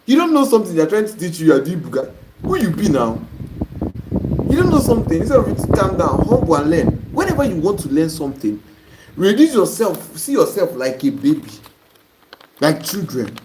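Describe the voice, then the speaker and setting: During his live-stream lesson, a Nigerian-accented online teacher speaks at a moderate pace in a slightly high voice with big pitch swings. He reads comments from viewers and bluntly scolds those who answer wrong, all in noisy live-stream audio.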